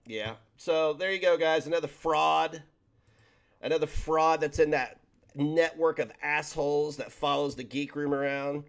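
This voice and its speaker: A man's voice: fairly high pitch, measured pace. A man hosting a commentary channel, ranting in an exasperated, profane way about a clip he is reacting to. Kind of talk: reaction rant.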